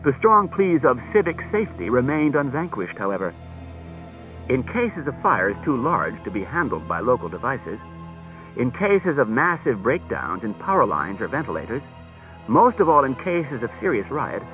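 A man reading a novel aloud as audiobook narrator, measured and expressive, from an old cassette tape. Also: medium pitch. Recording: tinny lo-fi cassette tape with faint music.

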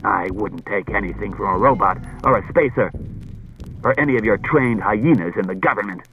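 A man's voice: lowish voice, normal speed, phone-quality sound, a little hiss or hum, voice pushed down, lightly acted. A man doing a bitter, mocking worker. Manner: scornful and mocking.

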